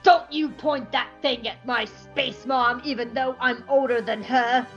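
A woman voicing a protective alien male crewman in his forties who talks in a slow, grumbling way. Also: on the high side, steady tone, soft background music, close to an everyday voice. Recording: slightly muffled lo-fi recording.

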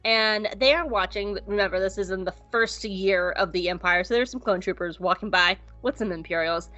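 A woman's voice: mid-range voice, bright, forceful tone, muffled recording, soft background music. Jokey, profane woman podcast host. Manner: profane, jokey, acts out scenes in quick voices. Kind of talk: casual episode recap chat.

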